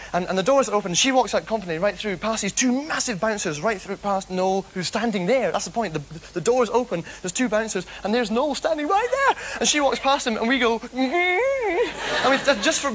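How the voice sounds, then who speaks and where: Manic rambling comedian. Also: male voice, sits high, fairly bright tone, slight background noise. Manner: manic, giggly, rambling with many restarts. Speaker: comedian host. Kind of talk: rambling stand-up storytelling.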